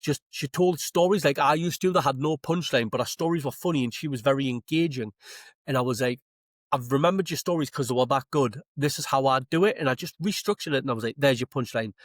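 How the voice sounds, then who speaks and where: A Geordie stand-up comedian from Newcastle, England, guests on a podcast in a studio, spinning long, animated stories with lots of swearing and acted-out quotes in casual chat. He talks fast at an ordinary middle pitch, and the sound is dry and close with no echo or room.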